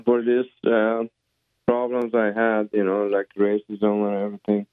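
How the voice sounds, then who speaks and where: A man from abroad calls in to a radio show, emotional and earnest, repeating himself as he speaks. His voice is low and smooth. It comes through a dry, tinny telephone line. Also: monotone, moderate pace, no room sound. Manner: earnest, repetitive, hesitant. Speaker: caller. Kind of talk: phone call-in.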